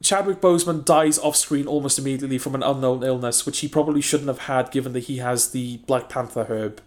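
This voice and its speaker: A man's voice: mid-range voice, a little fast, darkish tone. A man co-hosting a podcast, casually reviewing a film in a sardonic way and laughing often. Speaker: podcast co-host.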